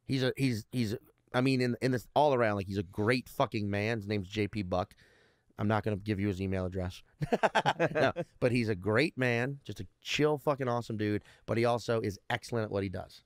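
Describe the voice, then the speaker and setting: A man's voice: lowish voice, fairly quick, no echo, clean studio sound. A man in his thirties, a comedian guest, telling rambling stories in casual interview chat and swearing constantly. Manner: heavy swearing, rambling storyteller.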